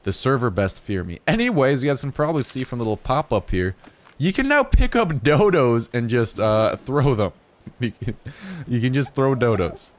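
At a moderate pace and medium pitch, a young man gives easygoing, comedic commentary on a game for his YouTube channel. He rambles through side remarks and occasionally gets loudly excited.

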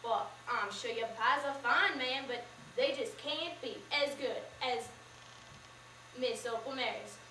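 A young woman voicing a polite, sly young male salesman who drawls slowly and hesitantly, recorded from far off in an echoey room. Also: a little high, bright, forceful tone, a little hiss or hum.

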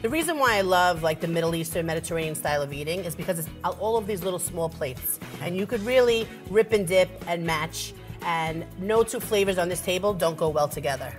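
A woman with a fairly low voice leads a casual cooking demo, explaining each step in a warm, instructive way. Soft music plays behind her. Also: lively intonation, brisk. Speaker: chef guest.

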